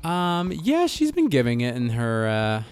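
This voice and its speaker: A man's voice: mid-range voice, wildly swooping pitch, unhurried, darkish tone, clean tone, soft background music. A man co-hosting a podcast in a laid-back casual chat, with frequent fillers. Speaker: podcast co-host.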